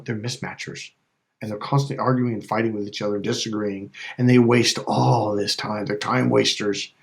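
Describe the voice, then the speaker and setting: A man giving a casual coaching talk, emphatic and repetitive, often checking in with "okay?". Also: mid-range voice. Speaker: life and relationship coach.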